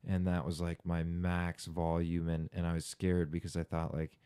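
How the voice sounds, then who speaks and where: A man's voice: sits low, monotone, normal speed, few pauses, warm tone, clean tone. A young man talking casually as a podcast guest, rambling, talkative and swearing freely. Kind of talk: casual chat.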